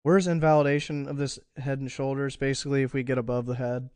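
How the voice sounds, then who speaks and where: A man's voice: medium pitch, flat delivery, fast, darkish tone, clean tone, dry recording. A man streaming live market analysis, thinking aloud in a casual way with fillers and restarts, and a bout of hiccups. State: has the hiccups. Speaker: crypto trading streamer.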